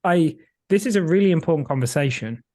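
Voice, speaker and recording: A man's voice: a little high, expressive, quick pace, dark tone. A man hosting a podcast, chatty and effusive as he thanks his guest and signs off. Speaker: podcast host. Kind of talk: casual podcast conversation and outro.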